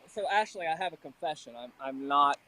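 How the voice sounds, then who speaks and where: A man's voice: on the high side, lively intonation, brisk, sharp tone, rough recording. A man from Alabama with a Southern accent, chatting through a live report from outdoors at a ski lift. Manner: chatty, self-deprecating. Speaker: field reporter.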